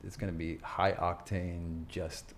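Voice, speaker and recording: Low-voiced halting man. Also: level tone, slight background noise. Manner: halting, many restarts and fillers. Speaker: guest, Broadway actor. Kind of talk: casual interview chat.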